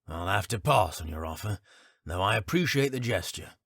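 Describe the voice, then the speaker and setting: Man as a guarded, measured male captain. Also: lowish voice, lively intonation, vocal fry, a bit bright, husky, dry recording, clean studio sound, full character voice. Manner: measured, restrained, polite.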